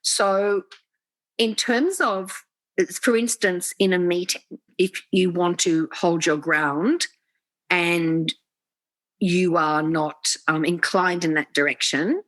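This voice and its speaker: A woman speaking as an executive coach in an interview, explaining with animation and slipping into quoted inner voices. Her voice sits fairly low. The video call audio is close and dry. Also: fairly even intonation, slow pace, fairly bright tone, dry recording, rough recording.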